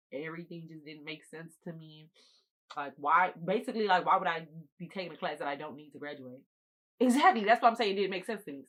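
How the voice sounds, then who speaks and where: A woman in her twenties telling viewers a college story in an animated, emphatic, slangy storytime monologue. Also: sits low, rough recording.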